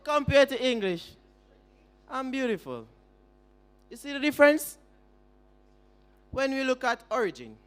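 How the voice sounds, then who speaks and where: Speaking as first opposition in a formal debate, a young Jamaican-accented man with a very high-pitched voice fires rhetorical questions at the audience and his opponents.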